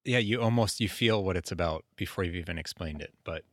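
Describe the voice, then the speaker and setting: Very low-voiced male podcast host. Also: a little fast, dry recording, studio quality. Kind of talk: casual interview chat.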